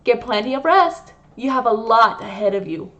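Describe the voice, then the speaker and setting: A woman's voice: on the high side, lively intonation, normal speed, fairly bright tone, dull audio. A woman voicing an obsessive young female nurse who talks in a sweet, coaxing, possessive way.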